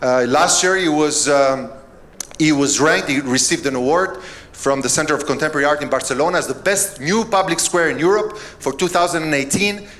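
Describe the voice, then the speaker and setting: Middle-aged guy from albania, kinda higher voice, joking his way through a keynote talk. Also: fairly quick, fairly bright tone. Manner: joking, storytelling, self-deprecating. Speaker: mayor giving a conference talk. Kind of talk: conference keynote speech.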